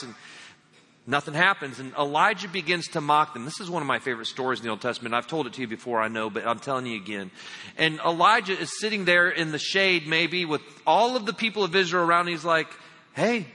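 A man's voice: a little high, bright, forceful tone. A man preaching a sermon as pastor, talking emphatically and calling his listeners friends. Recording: long reverb of a large hall.

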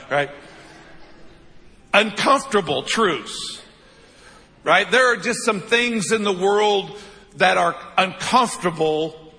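A man's voice: high-pitched, sharp tone, in a large hall. A man in his fifties preaching a sermon, telling stories with self-deprecating humor and frequent "right?" asides. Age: 50s. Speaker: pastor.

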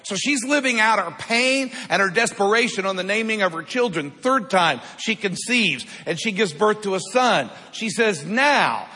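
A high, bright male voice preaches with a slightly husky edge. He calls out to the congregation for answers as his words ring through a church hall with long reverb. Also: lively intonation, normal speed, few pauses. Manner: preaching with call-and-response. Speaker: pastor. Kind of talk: sermon. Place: church sanctuary.

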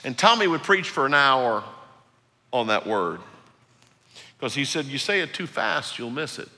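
Animated preacher with a lively swinging voice. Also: male voice, a little slow, in a large hall. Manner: animated preaching, swinging from loud highs to hushed lows. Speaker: pastor. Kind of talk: sermon. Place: church sanctuary.

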